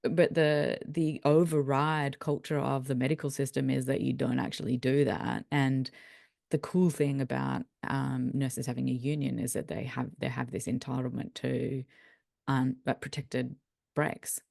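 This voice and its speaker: A woman speaking as a doctor guest, telling lively stories in casual conversation and laughing often. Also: a bass voice, a little slow, gravelly, no echo, studio quality. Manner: lively, animated storyteller who laughs often.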